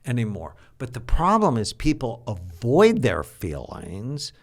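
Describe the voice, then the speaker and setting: An older man, a psychiatrist, explaining and telling stories in an animated, teacherly way during an interview. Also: medium pitch, slow. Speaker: psychiatrist guest. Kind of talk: interview conversation.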